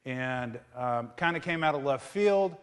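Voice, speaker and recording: A man's voice: mid-range voice, animated, unhurried, in a large hall. A middle-aged man speaking on a theatre stage as a guest speaker on investing, casual and joking, with many fillers and restarts. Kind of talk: live public talk with jokes.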